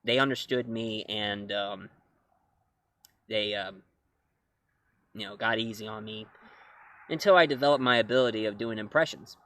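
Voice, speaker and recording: A man's voice: lowish voice, normal speed, long pauses, a bit bright. A man reviewing comics and films in a casual talk to camera, rambling and correcting himself as he goes. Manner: rambling, self-correcting, chuckling.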